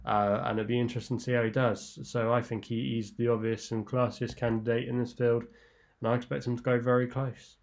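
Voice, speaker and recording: Guy rambling thru his racing tips, um-ing a lot, mid pitch. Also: little pitch movement, fairly quick, gravelly, a little mellow. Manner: rambling, with many fillers and restarts. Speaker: racing tipster guest. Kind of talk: casual racing tips discussion.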